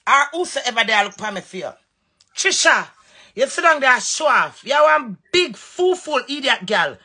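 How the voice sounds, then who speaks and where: A woman's voice: high-pitched, sing-song, moderate pace, bright, forceful tone, husky. A Jamaican woman on a live stream, scolding another woman in a heated, confrontational rant, often mimicking what others said. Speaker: social media personality on a live stream.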